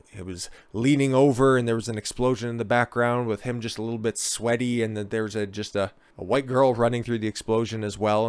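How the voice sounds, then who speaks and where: A man riffing on news stories in a mocking, sarcastic tone, swearing freely and breaking off into asides. His voice sits at an ordinary middle pitch. The sound is close and dry. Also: smooth, no echo. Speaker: political commentator. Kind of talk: sarcastic commentary on news clips.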